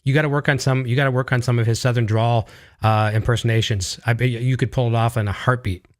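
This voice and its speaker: A man's voice: mid-range voice, fairly even intonation, quick pace. A Canadian man with a Canadian accent hosting an interview, eager and rambling with lots of fillers. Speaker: show host. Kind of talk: casual video interview.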